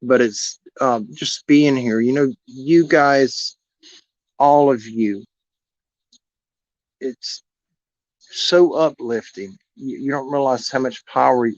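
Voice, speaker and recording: A man's voice: mid-range voice, slow, pauses often, no echo. A man, telling a heartfelt personal story in a rambling, earnest way to viewers on his live stream. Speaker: animal rescue host on a live stream. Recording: dull lo-fi live stream audio.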